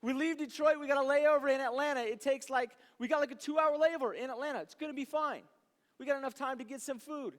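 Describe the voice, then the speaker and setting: A man, a youth pastor, telling a story in a sermon, animated and rambling, with asides like "right?". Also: very high-pitched, quick pace. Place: church youth service hall. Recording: long reverb of a large hall.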